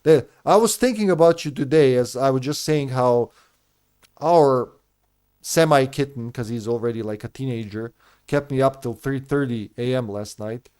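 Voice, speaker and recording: A man's voice: medium pitch, moderate pace, darkish tone, clear, resonant tone. A man in his thirties, a game streamer whose first language is not English, chatting candidly with his live viewers and addressing them by name. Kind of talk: casual chat with live viewers.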